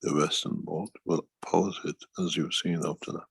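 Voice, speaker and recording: Slow, deep gravelly-voiced man. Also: flat delivery, fairly bright tone, dry recording, low-quality recording. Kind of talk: casual conversation.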